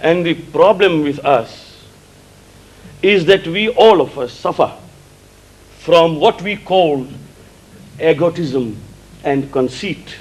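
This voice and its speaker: A male preacher whose first language is Gujarati, giving a sermon in an emphatic way, repeating key words and explaining terms slowly. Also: a little high, husky, low-quality recording. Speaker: religious preacher.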